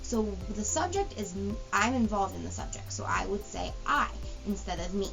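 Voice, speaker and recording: A woman teaching a grammar lesson to young students, patient and explanatory, slowing down to spell out example sentences. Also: medium pitch, expressive, gravelly, fairly bright tone. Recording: dull lo-fi recording with faint music.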